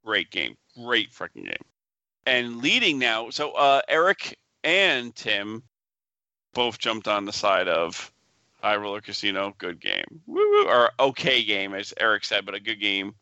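Very bright teasing podcast host man. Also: on the low side, huge pitch swings, measured pace, dry recording, lo-fi sound. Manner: teasing, enthusiastic, gloating. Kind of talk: casual pinball podcast chat.

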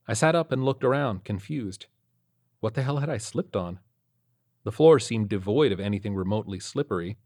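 Guy reading a creepy first-person horror story, lowish voice, tense build-up. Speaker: narrator.

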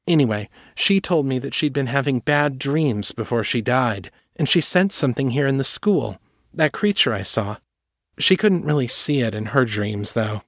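A man reading aloud and voicing a calm, firm young woman telepath who explains and reassures steadily. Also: mid-range voice, no echo, studio quality, pitched above the performer's own voice, natural voice.

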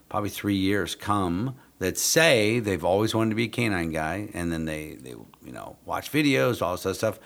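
Low-pitched male host, relaxed and conversational, a police canine handler. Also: creaky. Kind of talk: casual podcast chat.

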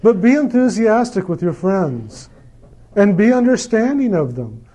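A man giving a gentle, repetitive spiritual talk about meditation and enthusiasm. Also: sits high, big pitch swings, measured pace. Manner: gentle, repetitive, acts out quoted lines with mock enthusiasm. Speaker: spiritual speaker.

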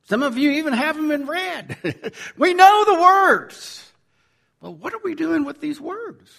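A man preaches a Sunday sermon with a high, lively voice that leaps up and down in pitch. He pushes some lines out loudly and drops others to a near-whisper. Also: unhurried, gravelly. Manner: animated preaching, swinging from loud to near-whisper. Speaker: pastor.

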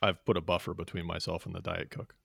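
Low-voiced, laid-back male co-host. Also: quick pace, creaky, husky, no echo, clean studio sound. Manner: relaxed, explains plainly, hesitates with fillers. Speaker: co-host of a personal finance show. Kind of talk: casual radio show banter.

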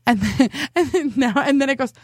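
A woman with a high voice chats casually as a podcast co-host, telling quick anecdotes and laughing often. Her voice sounds dry and close to the mic, with no room around it. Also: lively intonation, darkish tone, dry recording. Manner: giggly, quick storytelling. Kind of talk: casual chat.

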